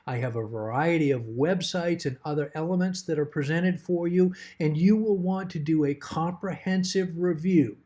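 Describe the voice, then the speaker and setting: A middle-aged man explaining a course assignment in a measured, emphatic way, repeating key words to stress them. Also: on the high side, warm tone. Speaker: course instructor. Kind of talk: recorded course assignment overview.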